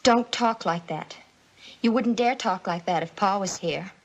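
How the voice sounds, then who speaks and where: A woman's voice: medium pitch, measured pace, rough recording. An actress playing a troubled schoolgirl accused of setting fires, pleading and defensive, in 1950s TV drama style. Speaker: daughter Alice.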